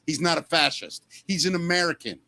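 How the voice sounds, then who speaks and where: A man's voice: on the high side, expressive, brisk, sharp tone, dry recording. A man co-hosting a political podcast, ranting with fiery, sarcastic heat. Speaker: co-host. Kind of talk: heated political podcast talk.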